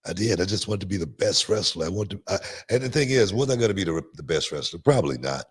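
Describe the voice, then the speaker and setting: A middle-aged man, a former wrestler co-hosting a podcast, talking casually in a halting way with many "you know"s. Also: sits low, husky. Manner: relaxed, halting, heavy use of "you know". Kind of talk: casual chat.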